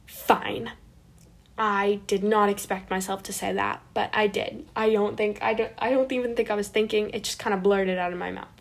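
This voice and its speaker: Gravelly-voiced woman telling a dramatic story. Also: medium pitch, brisk, few pauses. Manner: dramatic, animated, self-mocking. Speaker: vlogger. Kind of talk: personal storytelling.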